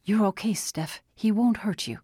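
A woman's voice: medium pitch, normal speed, warm tone, slightly rough, no room sound, studio quality, pitched above the performer's own voice, natural voice. A woman narrator voicing a weary father who speaks tensely and sternly. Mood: reassuring. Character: weary father of several kids.

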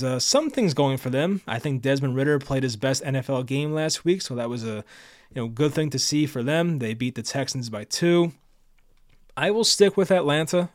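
A man's voice: medium pitch, no echo, clean studio sound. A young man hosting a casual solo sports preview, thinking aloud and second-guessing himself with fillers. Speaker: sports video host.

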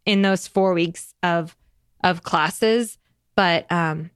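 A woman hosting a podcast in casual conversation, chatty and animated, with lots of fillers and frequent laughs. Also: on the low side, extremely slow, clear, resonant tone, no echo. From United States. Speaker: podcast host.

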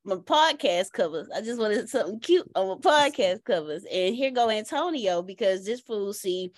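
A woman's voice: medium pitch, expressive, moderate pace, no room sound, studio quality. A woman on a casual podcast, telling a story with laughs and exasperated asides.

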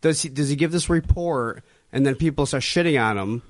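A man's voice: mid-range voice, fairly quick. A man co-hosting a podcast, talking hesitantly and asking questions, with many restarts. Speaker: podcast co-host. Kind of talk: casual chat.

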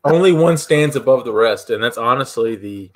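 A man's voice: mid-range voice, animated, normal speed. A man co-hosting a casual podcast, blunt and joking, swearing casually while eating. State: talking with food in his mouth. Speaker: podcast co-host.

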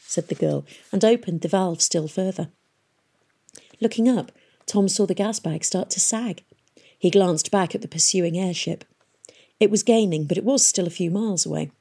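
A woman narrating an audiobook in a steady storytelling manner. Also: on the low side, normal speed, creaky, breathy edge.

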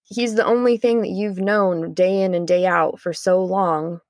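Casting: low-pitched woman, candid podcast co-host, dry close sound. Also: fairly even intonation, a little slow, dry recording. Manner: candid, rambling with restarts. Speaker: podcast co-host, lifelong friend. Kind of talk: casual recounting conversation.

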